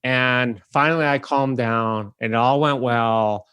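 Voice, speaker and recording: A man from the Detroit area tells a story on his podcast with lots of energy, slipping into the voices of the people he describes. His voice sits at an ordinary middle pitch. It is recorded close and dry, with no room sound. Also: fairly even intonation, a little slow, fairly bright tone, smooth, dry recording. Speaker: podcast host telling a story. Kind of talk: casual storytelling.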